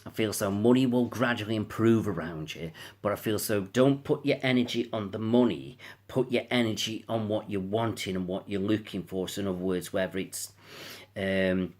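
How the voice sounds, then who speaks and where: A man who works as an astrologer and tarot reader gives a casual reading, rambling and reassuring and often repeating "I feel so." His voice is lowish and a little mellow, at a normal speed.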